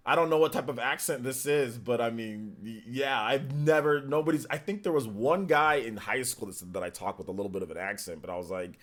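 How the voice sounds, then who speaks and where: A man's voice: medium pitch, a little fast, hardly any pauses. Laid-back Northern Californian man, rambling. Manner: rambling, filler-heavy, easygoing. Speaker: livestream host. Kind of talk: casual live stream chat reading viewer comments.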